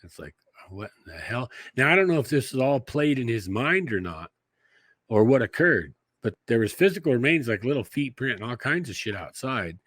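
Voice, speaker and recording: A man's voice: mid-range voice, big pitch swings, normal speed, fairly bright tone, slightly rough, dry recording. A man telling a long story in a folksy, rambling way, swearing casually as a podcast guest.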